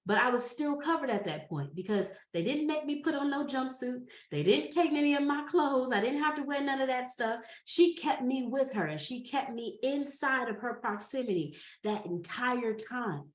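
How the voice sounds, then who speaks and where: A woman guest on a podcast, telling a story in a lively, dramatic way and laughing often. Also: high-pitched, normal speed, hardly any pauses. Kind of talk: animated storytelling. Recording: roomy echo.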